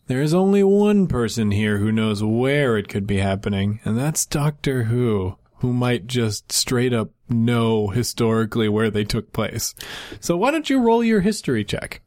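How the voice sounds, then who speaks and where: A man's voice: mid-range voice, sing-song, unhurried, few pauses, darkish tone. A man narrating a tabletop game as game master, loose and joking.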